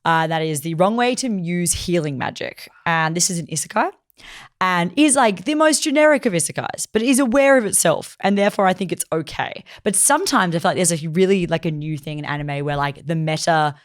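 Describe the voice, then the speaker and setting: Brief: woman podcast co-host, low voice, lively casual storyteller, fond of "like". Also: brisk. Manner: animated storytelling, acting out characters' lines with lots of "like". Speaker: podcast co-host reviewing anime. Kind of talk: casual chat.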